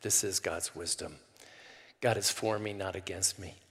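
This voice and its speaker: An older man preaching a sermon, folksy and calling the crowd y'all, rising loudly when he quotes scripture. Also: deep voice, steady tone, moderate pace, breathy edge. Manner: preaching with sudden loud rises to quoted scripture. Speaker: pastor. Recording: long hall reverb.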